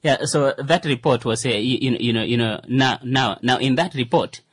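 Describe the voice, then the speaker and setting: A man talks through a casual radio discussion, stopping and restarting often and filling the gaps with fillers. His voice is husky and a little rough. The sound is dry and close, with no room around it. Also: mid-range voice, moderate pace, dry recording. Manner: hesitant, many fillers and restarts. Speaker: co-host.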